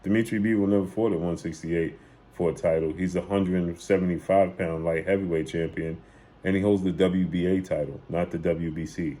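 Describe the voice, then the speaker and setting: A man's voice: sits low, steady tone, brisk, mellow. A man hosting a sports channel, casually retelling and commenting on boxing clips with emphatic repetition.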